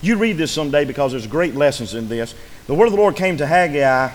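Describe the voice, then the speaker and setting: Fervent preacher in an echoing hall. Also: male voice, on the high side, animated, fast. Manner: fervent storytelling, swings between hushed and shouted. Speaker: pastor. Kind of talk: sermon. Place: church sanctuary. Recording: echoey hall with faint ambience.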